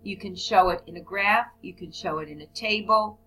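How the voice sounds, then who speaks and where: A woman's voice: medium pitch, moderate pace, bright, forceful tone, a little hiss or hum, rough recording. A woman teaching a recorded business English lesson, reading example phrases aloud and then explaining them. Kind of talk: recorded lesson on report writing.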